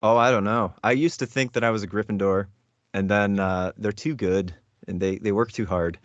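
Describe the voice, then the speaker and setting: A man's voice: on the low side, steady tone, moderate pace, no room sound, muffled recording. A male voice actor chatting as a guest in an interview, hesitant and rambling with many fillers. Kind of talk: casual interview chat.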